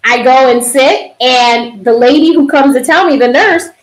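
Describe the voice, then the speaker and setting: A middle-aged woman doctor telling a personal story on a panel, animated and often laughing. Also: sits high, moderate pace, rough recording.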